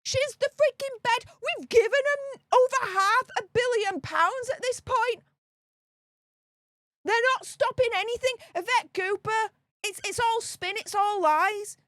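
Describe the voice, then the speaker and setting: A woman with a Northern English accent delivers heated political commentary in a high voice. She rants with indignation and hammers home each point by repeating it. Her voice sounds close and dry, with no room echo. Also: unhurried, a bit bright. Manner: indignant, ranting, repeats herself for emphasis.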